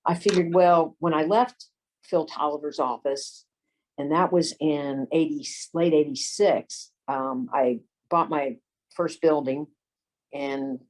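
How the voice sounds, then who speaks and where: Older woman, low-pitched, relaxed raconteur recounting legal career stories. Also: takes it slowly, low-quality recording. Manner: folksy anecdotes, acts out quoted voices. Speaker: lawyer and former detective. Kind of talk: storytelling interview.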